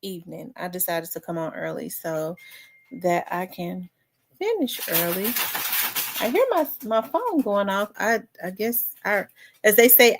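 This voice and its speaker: Woman, casual livestream chat, unhurried pace, a little winded, greets viewers by name. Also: medium pitch, slight background noise. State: out of breath. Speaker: livestream host.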